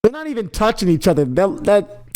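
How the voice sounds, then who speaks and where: A young man co-hosting a podcast in casual chat, loud and jokey, voicing animals in slang. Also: high-pitched, sing-song, brisk. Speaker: podcast co-host.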